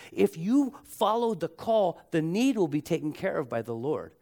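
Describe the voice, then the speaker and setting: A man preaching a sermon as pastor, emphatic and repeating key phrases, slowing down to stretch words and drawing the congregation into call-and-response. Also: fairly high pitch, very animated, darkish tone.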